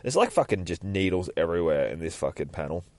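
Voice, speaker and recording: A man's voice: deep voice, sing-song, quick pace, darkish tone, dry recording. A man hosting a podcast, recording outdoors near his work and retelling a comic with lots of swearing and rambling asides. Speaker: podcast host. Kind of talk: casual comic book retelling.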